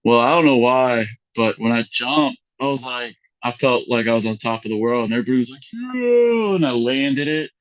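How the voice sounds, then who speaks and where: A young man on a podcast telling embarrassing stories in a loose, chatty way, acting out the voices of other people with big jumps in pitch and filling his talk with "like" and "you know". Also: a little fast, hardly any pauses, no room sound, dull audio. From Mexican heritage. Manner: animated, acts out quotes with big voice jumps, lots of fillers. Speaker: podcast guest. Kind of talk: casual storytelling chat.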